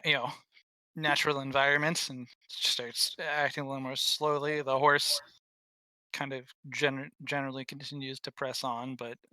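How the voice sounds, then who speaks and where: A man's voice: mid-range voice, sharp tone, no echo, low-quality recording. A man narrating as game master in a rambling, self-correcting way.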